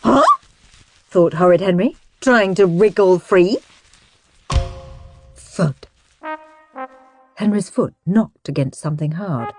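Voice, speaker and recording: A woman narrating a children's audiobook in an expressive way, acting out the characters. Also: on the low side, takes it slowly, long pauses. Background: background music.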